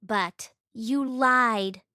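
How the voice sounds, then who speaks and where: A young man who is a hotel guest speaks coolly and with hurt, in slow, measured lines, as a woman narrator reads him. The voice is fairly high and lively, close and dry. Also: smooth, dry recording, full character voice.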